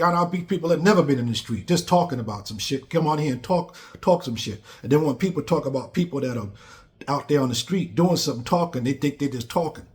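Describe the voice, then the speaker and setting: A man's voice: fairly high pitch, quick pace. A man giving a blunt, emphatic casual monologue on politics, repeating phrases for stress. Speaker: commentator.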